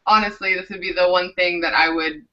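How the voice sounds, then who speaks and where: A woman from Minnesota hosting a casual group chat, giggly and animated. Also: lowish voice, a little fast, highs cut off. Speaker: host.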